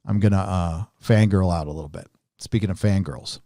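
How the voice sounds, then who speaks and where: A man's voice: sits low, fairly quick, gravelly, dark tone, no room sound, clean studio sound. A middle-aged man hosting a casual commentary show, talking in a sarcastic, mocking way. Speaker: host.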